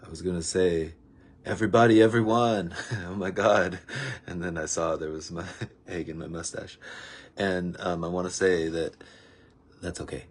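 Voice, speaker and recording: A man's voice: low-pitched, level tone, moderate pace. A man leading a daily spiritual lesson in a casual, rambling, reflective and good-humored way. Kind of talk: casual, meandering spiritual talk.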